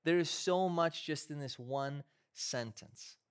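A man's voice: fairly high pitch, takes it slowly, smooth. A man, a pastor, preaching a sermon in a church, moving from conversational storytelling to fervent, emphatic preaching.

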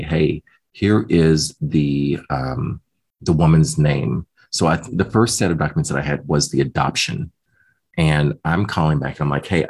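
A man being interviewed, telling a personal story in a lively way and quoting the people he spoke with. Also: extremely low pitch, breathy edge. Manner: animated retelling, voicing others in quotes. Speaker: guest.

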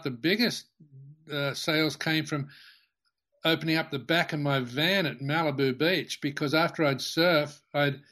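An older man who founded a company tells a long anecdote during an interview, halting often with restarts and fillers. His voice is fairly high and a bit bright.

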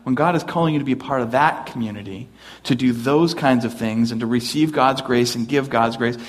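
A man preaching a sermon in a relaxed, conversational way, acting out the quoted lines as he goes. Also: medium pitch, brisk. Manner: conversational, with restarts and acted quotes. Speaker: pastor.

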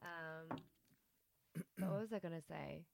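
A woman with an Australian accent in a casual chat among friends, chatty and animated. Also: sits low, slow, vocal fry, slight background noise.

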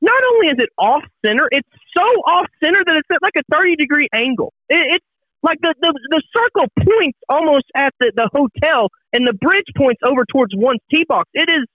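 A man's voice: very high voice, animated, a little fast, no echo, narrow, tinny audio. A man co-hosting a casual golf podcast, ranting in disbelief with plenty of exasperation. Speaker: podcast co-host. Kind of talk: casual chat.

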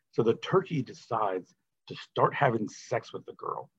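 A man's voice: fairly low pitch, normal speed, a bit bright, breathy edge, dull audio. A man co-hosting a casual movie review podcast, sarcastic and prone to acting out quotes. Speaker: podcast co-host.

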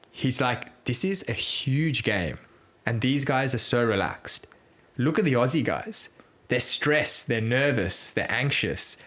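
A man co-hosting a podcast, telling a sports story in casual, rambling chat full of fillers and quick asides. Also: mid-range voice, fairly bright tone. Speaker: podcast co-host.

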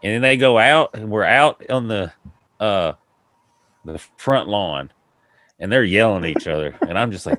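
A man with a lowish voice at a moderate pace, recorded without room sound, hosts a podcast and tells a long, humorous story in meandering fashion. He laughs throughout and performs the people in it, giving them quoted voices in this casual chat.

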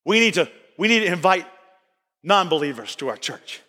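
High, bright-voiced preacher in a reverberant hall. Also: male voice, big pitch swings, normal speed. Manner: emphatic and repetitive, sometimes shouting. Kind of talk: sermon. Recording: long reverb of a large church hall.

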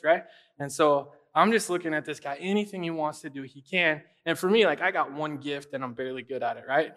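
A young adult man preaching as a pastor, telling a personal story in a relaxed, conversational way, often using fillers and asking "right?". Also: a little high. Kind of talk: casual storytelling sermon.

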